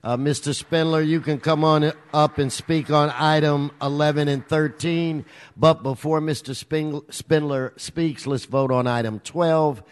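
A man chairing a council meeting in a brisk, procedural way, keeping speakers on the item. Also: a little high, steady tone. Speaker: council president. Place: council chamber. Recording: reverberant hall.

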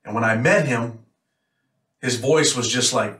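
A man's voice: mid-range voice, moderate pace, long pauses, a bit bright. Blunt man telling a prison story. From Rochester, New York. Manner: blunt, plain-spoken, matter-of-fact. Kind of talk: casual storytelling. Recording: roomy echo, mic a bit far off.

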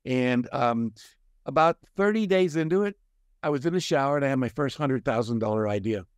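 Older man telling lively stories, dry mic. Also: medium pitch, fairly quick, no room sound. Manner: animated storyteller, acts out quoted voices. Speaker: guest, success coach and author. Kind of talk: storytelling in a conversation.

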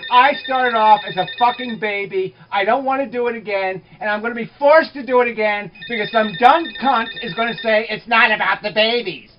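A woman arguing heatedly, swearing and shouting at the people around her. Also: fairly high pitch, a little fast, hardly any pauses. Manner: profane, shouting, combative. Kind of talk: heated argument. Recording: muffled lo-fi recording.

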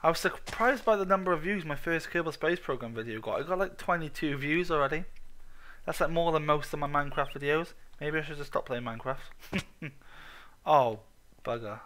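A man with an excitable, sweary, self-mocking manner, giving let's play commentary on his own game. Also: on the high side, fairly quick, a little hiss or hum. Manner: excitable, swears a lot, laughs at himself. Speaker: gaming channel host.

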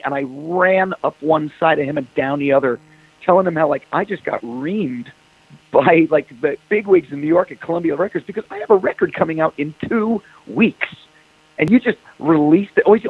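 Speaking at a moderate pace, this man has a fairly high, husky voice with no echo. He's a rock singer swapping stories in a relaxed interview, slipping into quoted voices to act out phone calls, all over a dry, tinny phone line.

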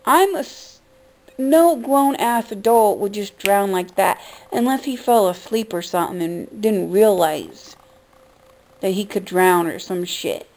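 A woman's voice: mid-range voice, measured pace, a little mellow, low-quality recording. A woman vlogger talking in an upset, profane rant, shocked and ranting. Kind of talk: emotional vlog rant.

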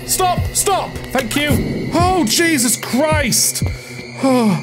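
A woman's voice: high-pitched, sing-song, slow, over loud music. Jumpy woman yelping through horror gameplay. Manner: jumpy, swears and yelps in fright. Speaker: gaming video creator. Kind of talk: horror game let's play commentary.

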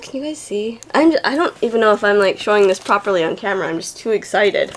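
A woman's voice: mid-range voice, fast, hardly any pauses, fairly bright tone, a little hiss or hum. A young woman hosting a toy channel, gushing and giggling as she unboxes a package at home on camera. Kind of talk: excited unboxing chat.

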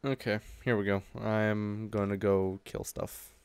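A man chatting casually with a friend while playing a multiplayer factory game, excitable and quick to banter. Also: on the low side, clear, resonant tone, dry recording. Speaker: co-host gamer.

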